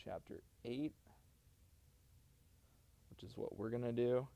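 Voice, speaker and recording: A man's voice: mid-range voice, slow, creaky, mellow. A man streaming live, greeting his chat with playful, joking banter. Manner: playful, joking, goofy asides. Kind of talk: casual livestream chat.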